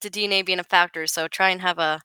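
A woman talking casually as a podcast guest, telling stories in an animated, chatty way. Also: fairly low pitch, quick pace, rough recording. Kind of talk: casual conversation.

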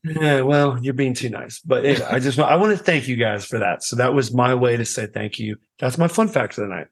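A man of middle pitch hosts a casual podcast among friends. His talk is laid-back and loose, full of swearing and easy laughter. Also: a little fast, creaky, slightly rough. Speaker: podcast host. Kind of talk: casual chat.

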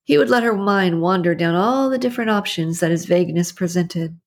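A woman narrating an audiobook in a steady, even storytelling manner. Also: lowish voice, a little fast, hardly any pauses. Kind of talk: scripted narration.

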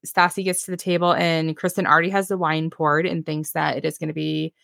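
A woman's voice: sits low, flat delivery, fairly quick, gravelly, fairly bright tone, dry recording, studio quality. Chatty woman recapping a show. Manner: chatty, laughs often, acts out quotes. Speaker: podcast co-host recapping a reality show. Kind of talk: casual recap chat.

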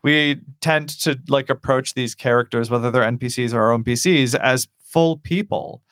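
A man's voice: mid-range voice, moderate pace, a bit bright, no room sound, studio quality. A man telling stories enthusiastically in a casual podcast chat. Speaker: podcast panelist.

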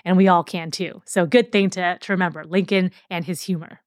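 A woman's voice: fairly low pitch, fairly even intonation, a little fast, dry recording, clean studio sound. A woman hosting a podcast, explaining history in a casual, conversational way with occasional fillers and restarts. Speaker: podcast host. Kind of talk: casual educational podcast talk.

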